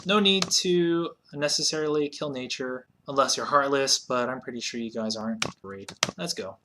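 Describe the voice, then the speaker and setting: A man hosts a casual let's play of an old computer game. He chats easily, breaks into sudden excited shouts, and has a bright, tense voice at a middle pitch. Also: moderate pace, slight background noise.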